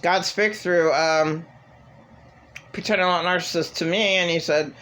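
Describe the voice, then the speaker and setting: A woman's voice: on the low side, steady tone, unhurried, fairly bright tone. A woman vlogging in a rambling, profane monologue, venting with raw emotion. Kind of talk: casual monologue.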